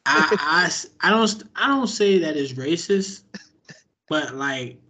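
A man co-hosting a podcast in casual chat, animated and profane, often restarting his sentences. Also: a little high, unhurried. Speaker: podcast co-host.

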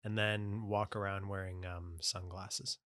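A man co-hosting a podcast, teasing and asking questions in relaxed casual chat. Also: deep voice, measured pace, no echo, studio quality. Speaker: podcast co-host.

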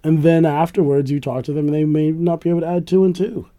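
A man in casual conversation, rambling and animated, laughing often and swearing now and then. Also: a little high, fast talker. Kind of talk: casual chat.

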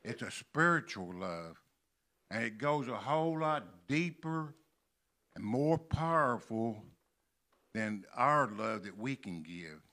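An older man from Kentucky preaching a sermon in a church, slowly stressing and repeating key words. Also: mid-range voice, lively intonation, pushed and bright. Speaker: pastor. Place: church sanctuary.

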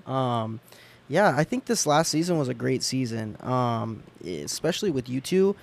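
A man's voice: medium pitch, sing-song, normal speed, creaky. A man hosting a podcast in an upbeat, casual chat who swears freely. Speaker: podcast host.

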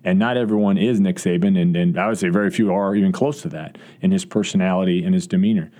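A man's voice: sits low, fairly even intonation, fast talker, dark tone. A man who is a college football coach, answering interview questions earnestly, with frequent restarts and fillers. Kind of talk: podcast interview.

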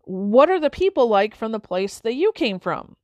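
A woman voicing a wise older man in a spoken parable, calm and folksy. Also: on the high side, normal speed, no echo. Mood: calm, kindly.

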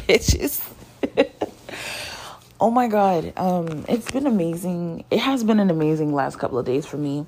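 A woman's voice: lowish voice, normal speed, a little hiss or hum. Woman vlogger, dramatic storyteller, voice leaps all over, cusses nonstop. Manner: animated, profane, dramatic. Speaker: tarot reader. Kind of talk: casual storytelling vlog.

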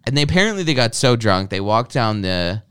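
A young man, telling a crude story in an animated, profane, joking way. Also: medium pitch, fairly quick, smooth. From Canada. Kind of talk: casual crude storytelling chat.

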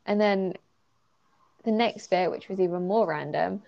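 A woman's voice: mid-range voice, a little slow, creaky, a little mellow. A young woman co-hosting a podcast, chatting casually about a story she enjoyed, giggling often and leaning on fillers. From United Kingdom. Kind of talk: casual chat reviewing a story. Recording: slightly muffled lo-fi recording.

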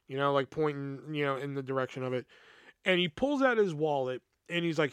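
A young man tells a story from his old job in a loose, swearing, animated way, quoting everyone he talked to. His voice sits a little higher than most men's. The sound is dry and close, with no room echo. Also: brisk, clear, resonant tone. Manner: profane, animated retelling with quoted dialogue. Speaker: podcast host. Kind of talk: casual storytelling.

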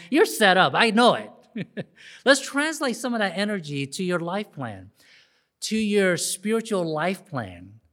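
An older pastor preaches in a fairly high voice, swinging from loud whoops and chuckling asides to a hushed, slow prayer. He talks to his congregation with an easy, lively delivery. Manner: animated, laughing asides, trailing into a soft prayer. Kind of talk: sermon. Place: church sanctuary.

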